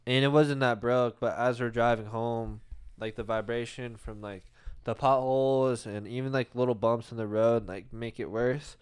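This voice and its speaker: A man's voice: mid-range voice, normal speed, smooth. A man casually telling a profane street-fight story, acting out the people he quotes. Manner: profane, animated storyteller who acts out quotes.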